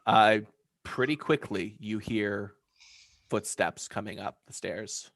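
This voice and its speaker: A man with a low, gravelly voice runs the table as game master, describing each scene loosely with lots of fillers. The sound is dry and close, with no room behind him. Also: slow pace, a bit bright, no echo.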